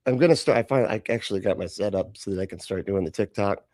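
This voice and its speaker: A man's voice: on the low side, racing, a little mellow, no room sound. A man hosting a live reaction stream, joking and sarcastic, laughing often and greeting chatters by name. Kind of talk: casual live-stream chat.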